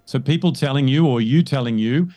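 A man speaking as a coach in a conversational interview, emphatic and animated, often checking in with "right?". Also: medium pitch, a little fast, dry recording. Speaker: guest, leadership coach.

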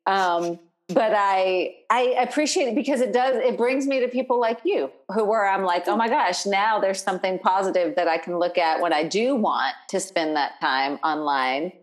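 A woman's voice: mid-range voice, normal speed. A woman hosting a podcast interview. She chats casually and supportively, with many fillers. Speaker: podcast host.

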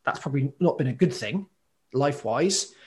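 A man in casual chat, talking as an occupational therapist, animated and prone to tangents. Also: mid-range voice, moderate pace.

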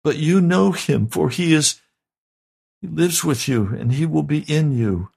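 A man's voice: on the high side, measured pace, vocal fry, darkish tone, husky. A man preaching a sermon as pastor, fervent and emphatic, repeating his pleas. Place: broadcast sermon.

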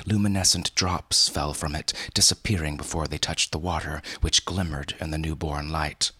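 Very deep, husky male story narrator. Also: bright, forceful tone, no echo, studio quality. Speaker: narrator and host.

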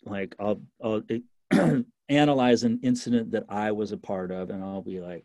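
Man, interview guest, casual storytelling, warm dark tone, dry close sound. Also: lowish voice, moderate pace, no echo. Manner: lively storyteller with frequent fillers and restarts.

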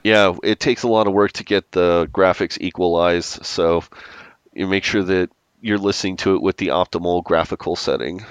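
A man's voice: deep voice, fairly even intonation, moderate pace, smooth, dry recording. A man co-hosting a podcast, chatting enthusiastically about a TV episode and rambling with frequent restarts. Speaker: podcast co-host. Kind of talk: casual chat recapping a TV episode.

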